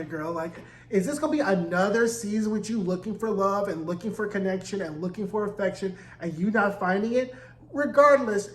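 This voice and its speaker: A man's voice: high voice, echoey room, poor audio. A man giving a casual recap of a TV episode, sassy and profane with chatty asides. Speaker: TV recap reviewer.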